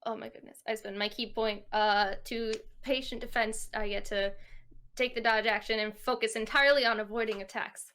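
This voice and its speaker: A woman playing a tabletop game, talking in a halting, self-deprecating way and stumbling over her numbers. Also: a little high, fairly even intonation, a bit bright, a little hiss or hum. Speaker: player. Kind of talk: casual tabletop game play.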